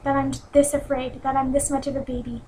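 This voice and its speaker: A woman in her twenties telling a personal story in an earnest, self-critical way, with many pauses and restarts. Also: sits high, little pitch movement, warm tone, slight background noise, low-quality recording. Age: 20s. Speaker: vlogger. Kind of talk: personal confessional vlog.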